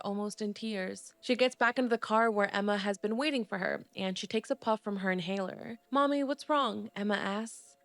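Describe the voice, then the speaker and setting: A woman's voice: medium pitch, a bit bright, clear, resonant tone, no room sound. Chatty young woman recapping a movie. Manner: chatty, filler-heavy with many "like"s. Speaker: host. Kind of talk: casual movie recap narration.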